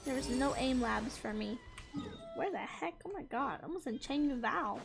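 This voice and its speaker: A woman's voice: sits high, lively intonation, moderate pace, vocal fry, over music. A woman gaming streamer chatting casually and rambling with frequent giggles as she plays. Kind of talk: casual gameplay chat.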